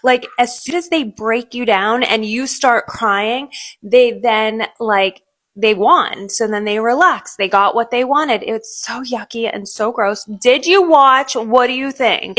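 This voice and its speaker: A woman giving animated reaction commentary in an online video. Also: on the high side. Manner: animated, acts out quoted people.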